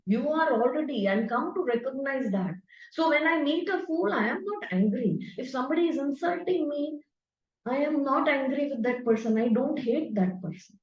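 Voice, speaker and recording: A woman, earnestly explaining scripture to a class and tossing in tag questions like "no?". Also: sits high. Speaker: spiritual teacher. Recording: roomy, distant, dull-sounding.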